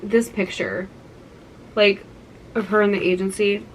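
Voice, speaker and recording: A woman's voice: mid-range voice, steady tone, a little slow, a little hiss or hum, poor audio. A young woman in her twenties talking through a keepsake collection, gushing and nostalgic, with lots of "like". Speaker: vlogger. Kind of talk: casual show-and-tell vlog.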